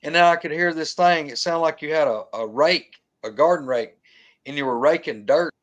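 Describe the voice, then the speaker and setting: A man's voice: fairly high pitch, moderate pace, highs cut off. Man telling a wild story. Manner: animated, colloquial, imitates sounds. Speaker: guest telling an encounter story. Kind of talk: casual storytelling.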